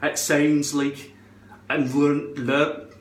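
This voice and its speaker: A man rambles through a casual hairpiece tutorial in a put-on Scottish accent, cracking jokes and swearing freely. His voice sits a little high for a man, and the room around him is noticeably echoey. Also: level tone, drawn-out words, a little hiss or hum. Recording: roomy echo.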